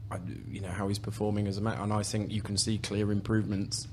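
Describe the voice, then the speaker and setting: A man giving his views as a panelist on a football podcast, measured and opinionated, often restarting his phrases. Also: lowish voice, monotone, slight background noise. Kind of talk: casual football podcast discussion.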